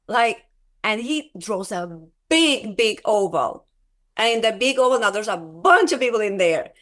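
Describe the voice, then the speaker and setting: Halting, animated woman sharing a testimony. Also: medium pitch. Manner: halting, repeats words, restarts often; animated retelling with quoted dialogue. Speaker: interview guest. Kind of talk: personal testimony in conversation.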